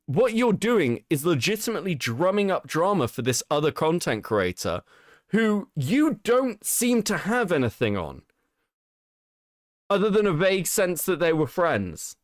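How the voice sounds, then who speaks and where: A male host rants through his commentary, exasperated and swearing freely. His voice sits a bit high and swings widely. The sound is dry and close. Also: big pitch swings, moderate pace, no room sound. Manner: exasperated, profane ranting. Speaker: stream host. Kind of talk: heated livestream commentary.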